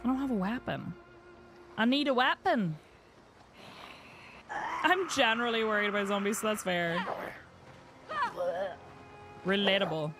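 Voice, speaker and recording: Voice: mid-range voice, lively intonation, measured pace, long pauses, over music. A streamer from the UK giving wry, muttering running commentary while playing a game. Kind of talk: casual gameplay commentary.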